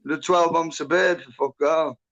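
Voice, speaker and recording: A rough, gravelly man tells a rambling story, cursing in nearly every line. His voice sits a bit high for a man. The audio is muffled and lo-fi. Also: steady tone, moderate pace, a bit bright. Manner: sweary, rambling, agitated. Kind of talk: casual chat, storytelling.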